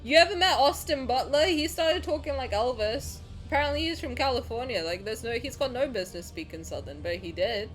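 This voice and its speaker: A young Southern American woman with a fairly high voice streams while reading a game's story aloud, faint music playing behind her. Chatty and animated, she talks with viewers, swears freely, and laughs at herself.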